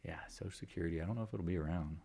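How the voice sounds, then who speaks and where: This real estate agent hosts a laid-back live market chat, his warm, husky voice sitting low with vocal fry and racing along. He rambles, jokes, and pokes fun at himself.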